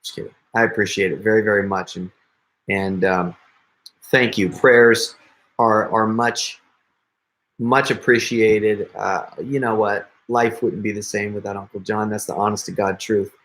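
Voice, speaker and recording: A man's voice: lowish voice, steady tone, a little slow, a bit bright. Chatty joking man on a live stream. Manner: chatty, joking, laughs often. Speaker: prank video creator hosting a live stream. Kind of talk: casual live-stream chat.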